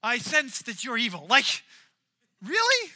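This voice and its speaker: A man preaching a sermon, retelling a story in an animated, jokey way. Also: high-pitched, moderate pace.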